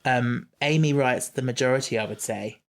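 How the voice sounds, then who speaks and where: A man with a medium-pitched voice and noticeable vocal fry co-hosts a podcast, talking through a TV series casually and thoughtfully at a moderate pace. He often restarts sentences and leans on fillers.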